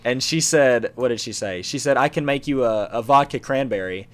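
A podcast co-host in his twenties chats casually, spinning a rambling story packed with fillers and laughing along the way. His pitch is medium and his speed is normal.

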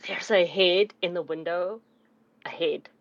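A woman playing a tabletop role-playing game in an excitable, playful way. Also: lowish voice, unhurried. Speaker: player. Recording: dull lo-fi mic.

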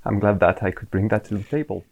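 A French-accented man answers as a podcast guest in a relaxed, friendly way. His voice is fairly low, and his replies come short and easygoing. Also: fast talker, gravelly, lo-fi sound. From France. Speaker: podcast guest, PPC manager. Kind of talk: casual podcast interview.

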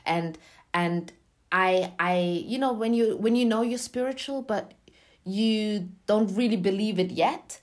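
A young woman being interviewed, telling a personal story in a lively, chatty way and laughing often. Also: lowish voice, moderate pace. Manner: animated, laughs often, acts out quotes. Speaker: interview guest. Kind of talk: casual storytelling in conversation.

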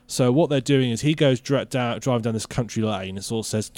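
A man's voice: medium pitch, brisk. A man, co-hosting a podcast and acting out the lines of the people in his stories. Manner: animated storyteller acting out quotes. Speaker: podcast co-host. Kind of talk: casual chat.

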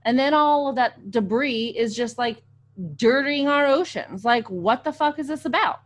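A woman's voice: high-pitched, normal speed. A woman co-hosting a casual movie podcast, exasperated and blunt, swearing and laughing. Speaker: podcast co-host. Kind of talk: casual chat.

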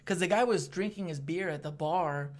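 A man's voice: a little high, normal speed. A young man talks casually about life as a stand-up comic. He tells his stories with energy and acts out the voices of hecklers and hosts. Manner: animated storyteller, acts out hecklers. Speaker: stand-up comedian. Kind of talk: casual chat.

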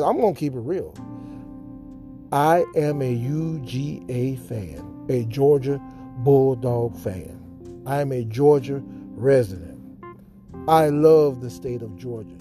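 A man's voice: mid-range voice, dark tone. A man hosting a podcast, telling an emotional sports fan story in a dramatic, repetitive and heartfelt way. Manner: earnest, heartfelt. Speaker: podcast host.

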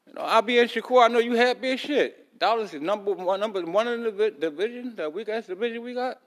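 A man's voice: high voice, quick pace, few pauses, a bit bright. A man hosting a podcast, telling a long story in a loose, rambling casual way, talking around a loose tooth. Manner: loose, rambling, with many fillers and restarts. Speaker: podcast host.

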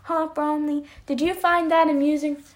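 A hoarse woman hosting a podcast, reading her old stories aloud with giggly, self-mocking asides. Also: high voice, level tone, moderate pace. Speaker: podcast host.

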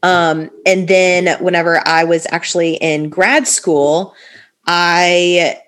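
A woman's voice: on the low side, fairly even intonation, slow, a bit bright. A woman in her thirties sharing her personal story in a conversation, candid and rambling, with many fillers and restarts. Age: 30s.

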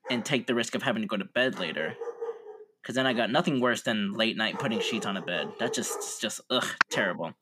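Chill guy cohosting a podcast, lowish voice, laughs a lot, kinda rambling. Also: fairly bright tone, slight background noise. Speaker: podcast co-host. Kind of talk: casual chat.

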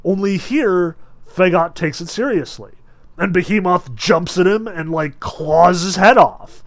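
Brief: a male literature teacher, casual and animated, voice a touch high. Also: unhurried. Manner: animated and chatty, with frequent fillers. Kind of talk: casual lecture with read-aloud passages.

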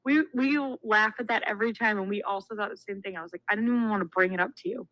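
A woman in her twenties, co-hosting a casual chat podcast and telling stories in an animated way, acting out the quotes. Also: medium pitch, fast, no echo, low-quality recording. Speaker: podcast co-host.

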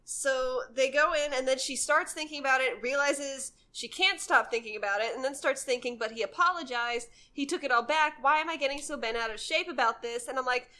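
A woman's voice: high voice, fairly quick, hardly any pauses, bright, forceful tone. A woman co-hosting a casual book podcast, recapping the plot with quoted asides. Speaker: podcast co-host. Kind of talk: casual book-club chat.

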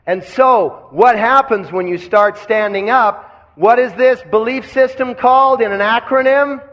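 A man's voice: very high voice, unhurried, fairly bright tone. A man teaching kundalini yoga in a live lecture, asking the class questions and having them repeat phrases back. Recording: dull lo-fi recording.

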